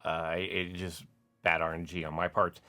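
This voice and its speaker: A man's voice: sits low, flat delivery, normal speed, sharp tone. A man giving casual, rambling gameplay commentary as a gaming YouTuber, full of "like" and "uh" fillers.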